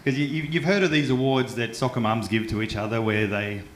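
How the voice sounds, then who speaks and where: Australian male comic, mid-pitched, stumbling and self-deprecating, roomy club sound. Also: steady tone, fairly quick. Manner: chatty, self-mocking, with frequent stumbles and fillers. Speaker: stand-up comedian. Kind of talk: stand-up comedy set. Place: comedy club stage. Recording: roomy club sound with faint background noise.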